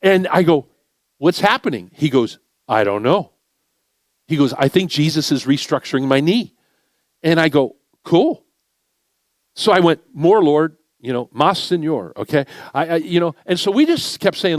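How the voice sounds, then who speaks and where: Middle-aged male guest preacher, fairly high voice, dry close sound, storytelling sermon with acted-out dialogue. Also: dry recording. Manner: animated, conversational, acts out dialogue. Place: church sanctuary.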